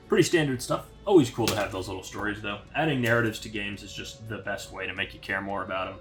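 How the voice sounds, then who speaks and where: A young man giving a casual, rambling unboxing review of a hobby magazine, with plenty of fillers. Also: lowish voice. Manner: relaxed, rambling with many fillers.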